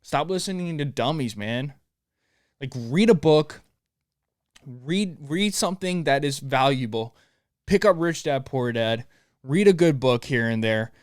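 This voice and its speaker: A man's voice: mid-range voice, expressive, unhurried, no room sound, studio quality. A young man hosting a solo podcast from home, giving a profane, pumped-up motivational rant. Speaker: podcast host. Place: home room, dog barking nearby.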